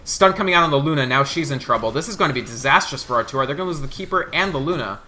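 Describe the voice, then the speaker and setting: A man casting a live online game tournament, excitable play-by-play with quick asides and laughter. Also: fairly high pitch, slight background noise. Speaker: esports caster.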